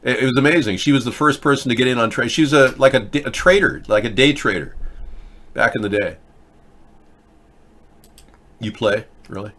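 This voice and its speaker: A man's voice: mid-range voice, normal speed, long pauses, fairly bright tone. A man hosting a live political video chat show, talking bluntly and rambling, restarting his words and answering viewers in the chat. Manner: replies to chat viewers, mocks them. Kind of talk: casual live-stream talk.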